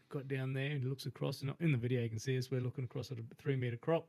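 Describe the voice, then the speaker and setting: A man's voice: medium pitch, fairly even intonation, racing, gravelly, warm tone. An Australian man, a father, co-hosting a podcast and telling a laid-back fishing story with plenty of swearing and laughter. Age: adult with a young son. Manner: laid-back yarn-spinning, swears freely, laughs often. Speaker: podcast co-host. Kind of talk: casual storytelling chat.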